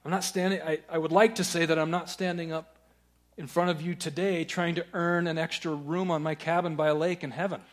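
Preacher guy giving a sermon, kinda high voice, gets loud then goes quiet and searching. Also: flat delivery, brisk. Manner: earnest, swings from loud urging to hushed questioning. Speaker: pastor.

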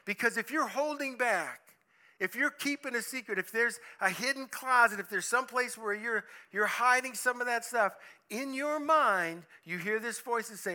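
A man preaching a sermon in an animated storytelling manner, asking his listeners questions and acting out voices along the way. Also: sits high, measured pace.

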